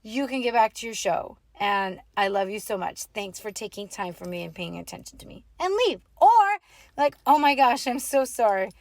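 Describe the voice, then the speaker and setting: A married woman hosting a casual advice talk, opinionated and animated, acting out little quoted exchanges. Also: mid-range voice, moderate pace, no room sound. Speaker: host.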